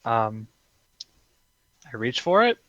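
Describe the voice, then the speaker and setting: A man's voice: medium pitch, very animated, slow, fairly bright tone, no echo, highs cut off. Hesitant young man playing a tabletop game. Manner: hesitant, many ums, wry. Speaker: player. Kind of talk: casual chat in a tabletop game.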